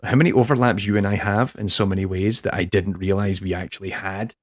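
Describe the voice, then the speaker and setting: A man's voice: deep voice, steady tone, fast. An English man hosting a podcast in casual chat, rambling and self-deprecating, with many restarts. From England. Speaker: podcast host.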